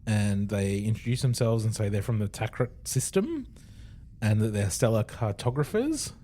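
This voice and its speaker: A man's voice: fairly low pitch, very animated, moderate pace, mellow, a little hiss or hum. Australian male podcast co-host, casual recap voice, laughs a lot. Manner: chatty, laughs often while retelling scenes.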